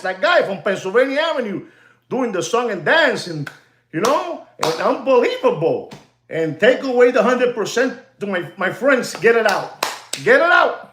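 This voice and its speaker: A man's voice: high voice, pushed and bright, reverberant. A man who deals in watches, speaking in an emphatic, repetitive vlog rant full of heckling. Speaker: watch dealer.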